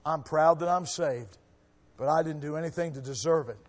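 Man, missionary preacher, high pitch, emphatic revival sermon, loud then quiet, reverberant church hall. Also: normal speed. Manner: emphatic, swinging from loud exhortation to low, quiet asides. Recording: echoey hall with long reverb.

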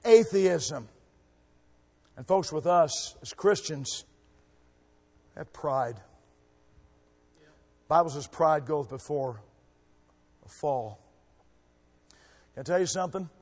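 A male missionary preacher giving a revival sermon, emphatic, shifting between loud exhortation and quiet asides. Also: fairly high pitch, animated, takes it slowly, pauses often, breathy edge. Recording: echoey hall with long reverb.

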